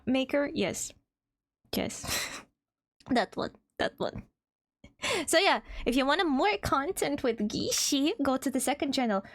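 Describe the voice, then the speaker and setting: A woman's voice: high voice, no echo. A young woman with a Russian accent, a VTuber chatting casually on a livestream, reading chat aloud and laughing often. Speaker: VTuber streamer.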